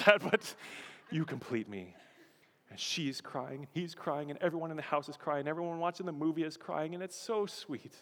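A man preaching a sermon as pastor, lively, acting out quotes and putting questions to the congregation. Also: a little high, normal speed, big-room sound. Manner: animated, acts out quotes, asks the audience questions.

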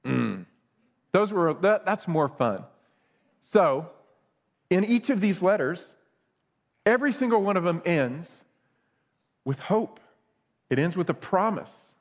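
Man preaching a chatty, high-pitched sermon. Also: moderate pace, pauses often, big-room sound. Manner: conversational, self-deprecating humor, rising excitement. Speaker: pastor.

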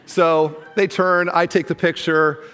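Animated male pastor in a big hall. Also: on the high side, a little slow, smooth. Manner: animated storyteller who acts out the people in the story. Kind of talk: sermon with a storytelling anecdote. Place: large church auditorium.

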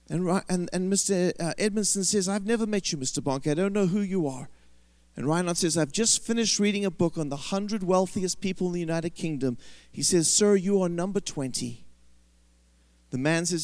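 A British man preaching, telling a long story in an animated way and putting on the voices of its people. His voice sits high. The recording is dry and close. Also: moderate pace, no echo. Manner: animated, acts out quoted voices. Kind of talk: sermon storytelling.

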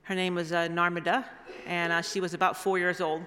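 A woman's voice: lowish voice, level tone, a little fast. A woman giving a guest sermon, telling stories in a rambling way with restarts and asides. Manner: rambling, warm storytelling with restarts. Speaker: guest speaker. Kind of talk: storytelling sermon. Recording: reverberant hall.

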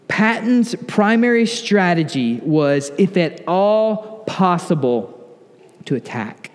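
A pastor delivering an earnest sermon, slowing down for emphasis and sometimes dropping to a near-whisper. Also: male voice, high voice, darkish tone. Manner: earnest preaching, slows for emphasis, drops to near-whisper on lists. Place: church sanctuary. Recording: long church hall reverb.

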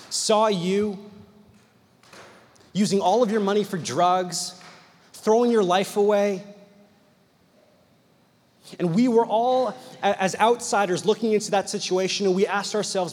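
A man delivers a sermon in a high, bright register. He tells the story in an animated way and voices the people in it as he goes. His words ring out with the long reverb of a large hall. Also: measured pace, pauses often. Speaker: preacher.

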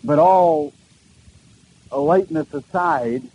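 A man's voice: fairly high pitch, extremely slow, warm tone, breathy edge, highs cut off. A middle-aged man preaching a sermon to a congregation, posing searching questions and repeating key phrases for emphasis. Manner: earnest, questioning delivery with emphatic repetitions. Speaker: pastor.

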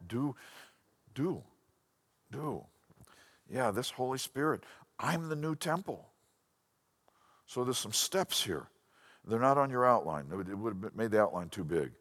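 A man giving a sermon-style Bible lesson, animated and storytelling, often restarting his sentences. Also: mid-range voice, moderate pace. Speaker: Bible teacher.

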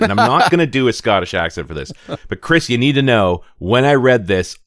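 A man's voice: medium pitch, fairly quick, dry recording, clean studio sound. A man co-hosting a tech podcast in casual chat, reading listener mail aloud. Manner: animated, reads listener email aloud. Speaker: co-host.

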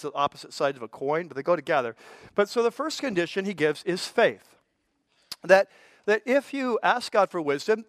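A man's voice: high-pitched, dry recording. An older man, a pastor, preaching a sermon in a conversational way, with folksy asides and frequent stammered restarts.

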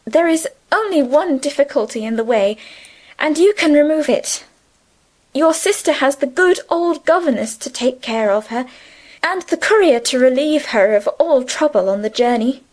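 A woman reading the part of a gentle, affectionate schoolgirl friend, earnest and soothing, in a higher voice than her narration. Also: animated, normal speed. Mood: tender. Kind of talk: audiobook character reading.

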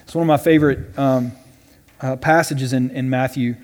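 A man teaching a Bible study class in a casual way, often checking in with "right?" and voicing quoted lines loudly and dramatically. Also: mid-range voice, fairly even intonation, normal speed. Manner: conversational, with frequent "right?" and "all right?" check-ins. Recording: long reverb from a large hall.

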